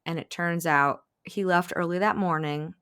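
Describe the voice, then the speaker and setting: A woman with a slightly low voice recaps a novel in casual podcast chat. She tells it lively, slipping into quoted lines and laughing along the way. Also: moderate pace, clear, resonant tone. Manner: animated retelling, acting out quotes, frequent laughs. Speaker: podcast host.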